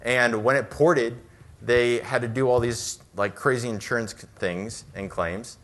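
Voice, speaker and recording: A middle-aged American man giving a conference talk over slides, conversational and brisk, with fillers and quick asides. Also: mid-range voice, steady tone, fairly bright tone. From United States. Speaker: conference speaker.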